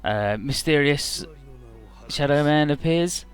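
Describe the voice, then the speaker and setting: A man's voice: fairly high pitch, expressive, takes it slowly, smooth, soft background music. Rambling, joking man narrating a game. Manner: joking, rambling, many "uh" fillers. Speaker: video game let's player. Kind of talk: casual game commentary.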